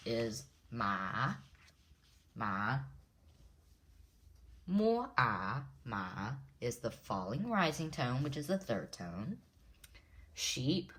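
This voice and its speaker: Slow, low-voiced woman teaching a lesson. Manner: slow, repeats words syllable by syllable. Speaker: language teacher.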